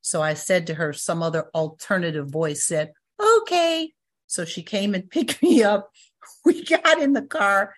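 Low-voiced older woman telling her story. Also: expressive, normal speed, few pauses. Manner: storytelling, acts out quoted voices, laughs. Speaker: recovery meeting speaker. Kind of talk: personal testimony talk.

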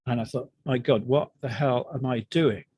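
A middle-aged man, frankly and haltingly telling his own recovery story as a guest in an interview. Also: mid-range voice, darkish tone, breathy edge, dry recording. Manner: frank, halting and self-deprecating. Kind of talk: candid personal storytelling.

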